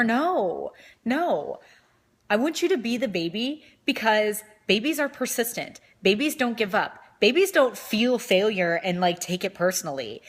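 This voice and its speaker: A woman's voice: mid-range voice, big pitch swings, moderate pace, fairly bright tone. Young woman vlogger, casual and earnest, motivational chat, repeats herself for emphasis.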